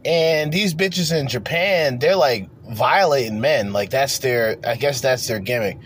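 A man's voice: mid-range voice, measured pace, slight background noise. A man co-hosting a podcast, talking in a loose, profane, rambling way in casual chat. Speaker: podcast co-host.

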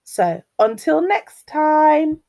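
Slow, sing-song woman storyteller. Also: high-pitched, gravelly. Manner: expressive, sing-song, talks to children. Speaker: children's storyteller. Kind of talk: reading a children's story aloud.

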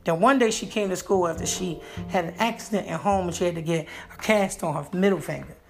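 A man telling a comic story from his own life in an animated, playful and jokey way. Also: sits high, fairly quick, gravelly, soft background music.

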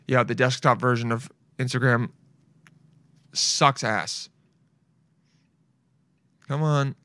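A man hosting a casual solo podcast, excitable and profane, thinking out loud as he talks. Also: medium pitch, no echo, studio quality. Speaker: podcast host.

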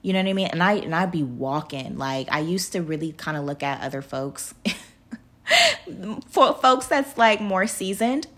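A woman's voice: deep voice, expressive, moderate pace, a bit bright. A woman in her thirties hosting a podcast, talking casually and motivationally, chatty, laughing often and calling her listeners y'all. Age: 30s. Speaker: podcast host.

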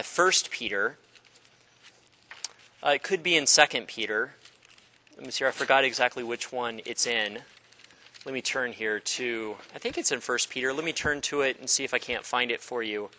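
Animated man teaching in a reverberant hall. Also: mid-range voice, moderate pace. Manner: animated, jokey, acts out voices of people in the story. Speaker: Bible study teacher. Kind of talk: informal classroom lecture.

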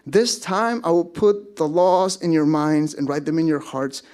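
A man's voice: a little high, fairly even intonation, a little slow, a little mellow. A man preaching a sermon to his congregation, conversational, with self-deprecating asides. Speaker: pastor. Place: church service.

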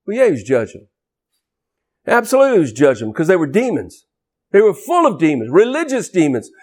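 A male preacher delivering a fiery, scolding sermon in a high voice that leaps all over the place. He drives his points hard, rising loud and then dropping low. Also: wildly swooping pitch, a little fast.

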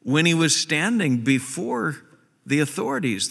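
A man's voice: on the high side, very animated, normal speed, gravelly, fairly bright tone, husky, big-room sound. A man preaching a sermon as a pastor, emphatic and repeating key phrases for stress. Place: church sanctuary.

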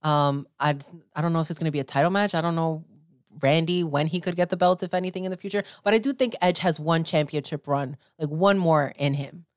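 A woman co-hosting a podcast in casual chat, talking in an animated, gushing way and filling her speech with "like", slipping into now and then. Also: deep voice, a little fast, no echo, clean studio sound. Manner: animated, gushing fan talk with filler "like". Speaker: podcast co-host.

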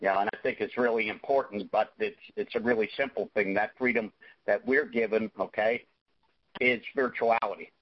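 A man's voice: on the low side, steady tone. Guy talking in a recovery group, lots of uh and okay?, kinda muffled audio. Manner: halting, frequent fillers and "okay?" check-ins. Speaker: recovery meeting participant. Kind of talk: casual group discussion. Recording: dull lo-fi audio.

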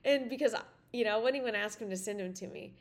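This podcast host speaks at a medium pitch and a racing pace. Her storytelling wanders casually, thick with "like" and "you know," and she keeps starting her sentences over.

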